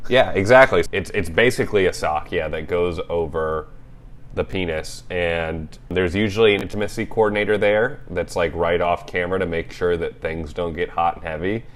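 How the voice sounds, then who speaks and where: A young man co-hosting a casual movie podcast, animated and jokey, laughing often. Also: low voice, normal speed. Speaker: podcast co-host.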